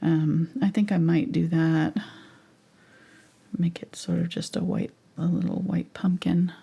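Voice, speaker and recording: A woman leads a live painting lesson with a gravelly edge and a fairly low, mellow voice. She talks her thoughts through as she paints and slips into hushed, near-whispered asides. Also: level tone, unhurried. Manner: thinks aloud while painting, chatty with fillers. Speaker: painting instructor.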